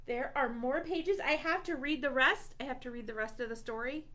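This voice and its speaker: At a children's storytime, a woman librarian reads a silly book a little fast and with few pauses. Her voice is high-pitched and fairly bright, and she playfully reacts to the text with feigned indignation.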